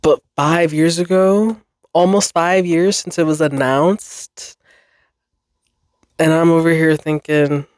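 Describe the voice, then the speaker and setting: A young woman talks through her solo podcast at an unhurried, drawn-out pace, losing her thread and apologizing for it. She sounds close and dry, with no room echo around her voice. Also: low voice, fairly even intonation, a little mellow. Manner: rambling, self-deprecating, swears and laughs often. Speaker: podcast host. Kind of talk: casual solo chat.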